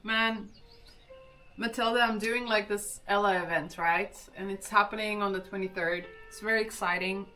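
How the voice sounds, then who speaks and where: A woman's voice: medium pitch, steady tone, moderate pace, sharp tone. A young woman from Gothenburg, Sweden, chatting casually with her stream viewers and answering chat. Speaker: livestreamer. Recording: distant mic with faint music.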